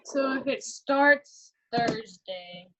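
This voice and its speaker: A woman on a video call asking quiet, tentative questions. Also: high voice, animated, drawn-out words, muffled recording.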